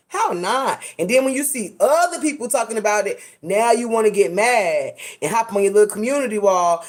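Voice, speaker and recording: Give me a sassy, animated woman hosting a gossip commentary vlog. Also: on the high side, normal speed. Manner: animated, dramatic, sassy with slang. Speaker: host.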